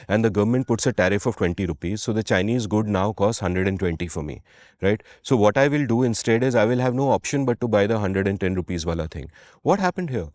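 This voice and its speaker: A man's voice: on the low side, lively intonation, a little fast, darkish tone, dry recording, studio quality. A man with an Indian English accent co-hosting a podcast, explaining economics in an emphatic, punchy, conversational way. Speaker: podcast co-host. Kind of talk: casual economics discussion.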